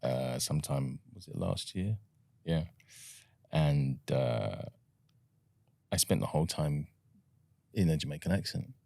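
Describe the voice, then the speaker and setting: Deep gravelly British man, soft and reflective. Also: expressive, no room sound. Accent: British received pronunciation. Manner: soft-spoken and reflective, pauses with ums and uhs. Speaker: actor, guest. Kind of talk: relaxed conversational interview.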